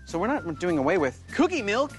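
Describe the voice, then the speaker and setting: A boastful, rambling milk board boss with an animated voice, for sketch comedy. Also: male voice, sits high, a little fast, faint music behind. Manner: rambling, half-hearted, boastful. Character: bumbling male milk board spokesman, self-important.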